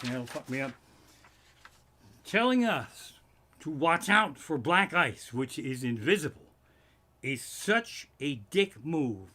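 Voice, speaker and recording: A man doing a profane stand-up routine from his living room, ranting in loud swearing bursts. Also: medium pitch. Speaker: stand-up comedian.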